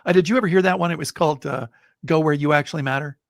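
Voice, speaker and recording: A middle-aged man, a guest in a casual interview, telling an anecdote in an animated way and building suspense. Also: on the high side, rapid-fire, gravelly, dry recording, clean studio sound. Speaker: guest storyteller.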